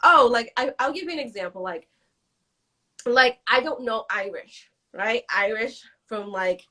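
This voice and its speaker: A woman guest in a casual interview, talking in quick animated bursts and acting out quoted conversations. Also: fairly high pitch. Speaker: guest, business strategist.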